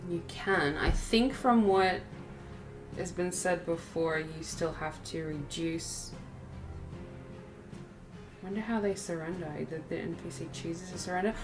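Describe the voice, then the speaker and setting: A woman running a solo tabletop game as game master, relaxed and casual, reading rules aloud. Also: on the low side, over music. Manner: relaxed, reads rules aloud, quick asides.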